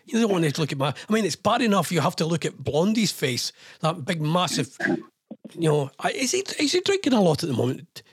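Man, Scottish accent, radio phone-in host, rambling, chatty, husky, dry close sound. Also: a little high, sing-song, brisk, dry recording. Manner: rambling, chatty, self-mocking, coaxing. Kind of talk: casual radio chat.

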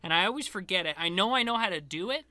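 A man co-hosting a casual movie podcast, retelling scenes with animated flair and acting out the lines. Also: high voice, fast talker, dry recording. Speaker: podcast co-host. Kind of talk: casual movie recap chat.

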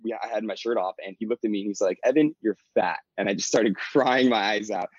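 A young man in his twenties talks fast and low as a podcast guest, tumbling through his thoughts with constant fillers and restarts. His voice comes through dull and lo-fi, close and completely dry with no room sound. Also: husky, dry recording. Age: 20s. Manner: rambling and quick, heavy with "like" and "you know", frequent restarts. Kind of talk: casual interview chat. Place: his childhood bedroom at home.

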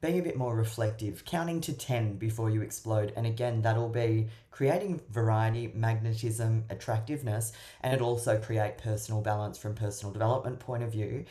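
A woman love coach and matchmaker, a podcast guest giving casual advice, expressive and prone to acting out little voices. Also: very deep voice, moderate pace, few pauses. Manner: expressive, acts out little voices while explaining.

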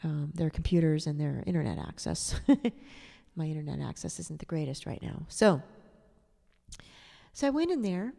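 A woman spins a rambling personal anecdote in a low, mellow voice with a gravelly edge. Her telling wanders and drops sarcastic asides. The voice rings with a long reverb from the room. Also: expressive, normal speed, long pauses. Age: adult. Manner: chatty, digressive, sarcastic asides. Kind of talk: casual storytelling monologue.

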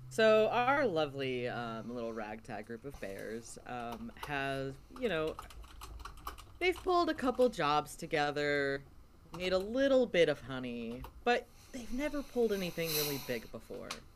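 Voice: medium pitch, sing-song, a little slow, slight background noise. A game master narrating the setup of a tabletop game in a playful way, with fillers and hedges.

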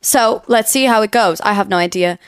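A woman's voice: mid-range voice, brisk, smooth, dry recording. A young woman from Portugal with a Portuguese accent, a student guest chatting in a giggly, self-deprecating way. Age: young adult. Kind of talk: casual podcast chat.

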